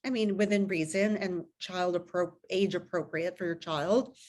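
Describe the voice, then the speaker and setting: A woman's voice: fairly low pitch, steady tone, moderate pace, darkish tone. A middle-aged woman, a parenting author and coach, giving earnest advice over a video call and acting out what a parent might say. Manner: earnest, acts out parent and child quotes.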